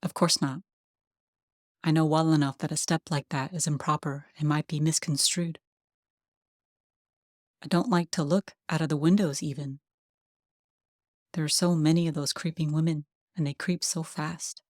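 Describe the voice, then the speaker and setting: An audiobook reader giving a calm, gentle, unhurried narration of a classic story. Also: mid-range voice, no room sound, studio quality.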